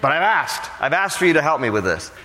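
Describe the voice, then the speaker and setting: A middle-aged man preaching a sermon as pastor, telling a story in a conversational, animated way. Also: a little high, fast talker, big-room sound. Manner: conversational, animated, acts out dialogue.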